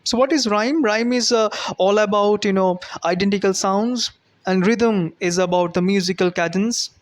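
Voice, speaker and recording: A man teaching a recorded lecture, halting, with frequent fillers and self-corrections, repeating key terms slowly for emphasis. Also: sits high.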